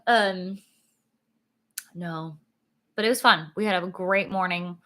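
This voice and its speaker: A young woman sits down for a casual vlog chat, rambling sleepily with yawns and lots of "like" and "um." Her voice is lowish and bright with a forceful tone, at normal speed.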